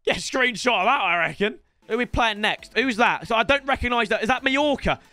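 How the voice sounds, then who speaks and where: A young man giving casual, excitable gameplay commentary, swearing and breaking into shouts. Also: very high voice, fast, no echo. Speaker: gaming YouTuber. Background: faint game music.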